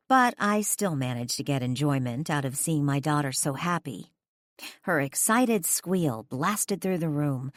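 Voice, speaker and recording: A woman narrating a first-person romance audiobook, expressive and dramatic. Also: no room sound, clean studio sound. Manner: expressive, dramatic, sweeps high for dialogue.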